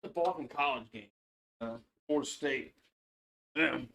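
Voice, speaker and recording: A man's voice: medium pitch, a little slow, gravelly, sharp tone. A man giving casual live play-by-play and reaction on a stream, rambling with repeated restarts, cursing and getting worked up. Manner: rambling, repetitive restarts, swearing, gets worked up.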